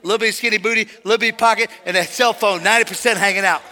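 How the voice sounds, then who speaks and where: Older guy pastor preaching in a church, high voice, lots of reverb, storytelling w/ shouts. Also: steady tone, rapid-fire, a little hiss or hum. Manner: storytelling, call-and-response, shouts at peaks. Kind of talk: sermon. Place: church sanctuary.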